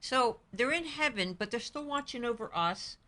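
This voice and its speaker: A woman's voice: a little high, lively intonation, normal speed, pushed and bright. A woman hosting a talk show, asking earnest questions and telling family stories in casual chat. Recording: 2012 public-access talk show studio.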